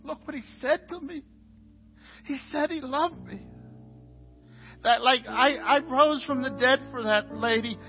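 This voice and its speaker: A tearful God, overwhelmed with joy, speaks in a high, strained, choked male voice, as a pastor puts him on. The sound is dull and muffled, with soft music behind it. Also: unhurried, pauses often, in a large hall. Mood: moved. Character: tearful, overjoyed God, deeply moved.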